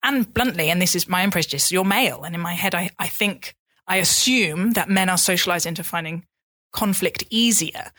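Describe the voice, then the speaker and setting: A woman's voice: on the low side, fairly quick, bright, forceful tone, no room sound. A woman hosting an interview, asking probing, candid questions. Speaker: podcast host and interviewer. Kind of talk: interview conversation.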